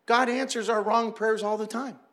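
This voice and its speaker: A man preaching a sermon, animated and joking, acting out prayers as he teaches. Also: sits high, moderate pace. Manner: animated, jokes and acts out prayers. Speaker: pastor.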